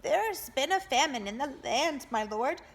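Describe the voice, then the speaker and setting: A shrill, grieving peasant woman in black, put on by a woman reading a storybook aloud. She accuses and jeers at a raised pitch, with a lively, swooping line. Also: a little slow. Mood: pleading.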